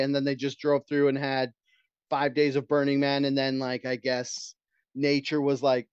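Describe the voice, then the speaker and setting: A man's voice: medium pitch, fairly even intonation, normal speed, clean tone, no room sound, dull audio. A man co-hosting a podcast in casual chat, telling stories in a profane, ranting way. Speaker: podcast co-host.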